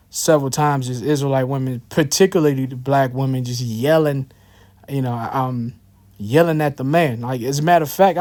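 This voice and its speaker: Man, slightly high voice, casual scripture commentary, slangy, many fillers. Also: a little mellow. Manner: loose and slangy, many fillers and repeated asides. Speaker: religious teacher.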